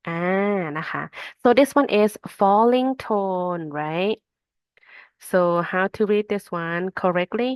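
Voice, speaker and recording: A woman's voice: mid-range voice, smooth, no echo. A woman with a Thai accent, a native Thai speaker, teaching an online Thai lesson and sounding out syllables one by one. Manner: slow, patient explaining, sounding out syllables one by one. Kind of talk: self-paced online lesson.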